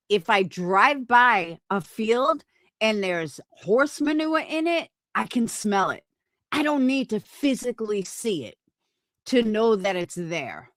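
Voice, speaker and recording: Woman rival streamer, slow deliberate delivery, swears hard, dry close sound. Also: mid-range voice, a bit bright, no room sound. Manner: combative, profane, slow and deliberate. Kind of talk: heated livestream argument.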